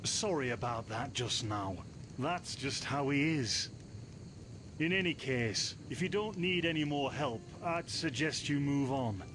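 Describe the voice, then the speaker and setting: A man's voice: medium pitch, lively intonation, measured pace, noisy background, natural voice. A man voicing a friendly, talkative male herbalist in a game, speaking conversationally. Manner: friendly, conversational, gently teasing. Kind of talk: game voice acting.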